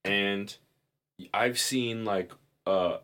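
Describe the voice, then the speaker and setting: A man's voice: fairly low pitch, fairly even intonation, drawn-out words, fairly bright tone. A man hosting a podcast, chatting casually, rambling and laughing as he explains clips. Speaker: podcast host. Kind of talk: casual chat.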